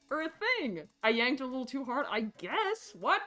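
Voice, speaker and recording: A woman streaming a game from her basement, chatty and excitable, with game music behind her. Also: high-pitched, normal speed. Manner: excitable, chatty, bursts into shrieks and laughter. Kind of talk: casual gameplay streaming. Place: home basement.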